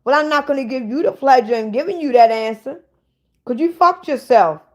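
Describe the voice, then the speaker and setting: A woman's voice: high voice, a little fast, darkish tone. A woman hosting a casual livestream, bluntly ranting and swearing at viewers in the chat. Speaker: livestream host.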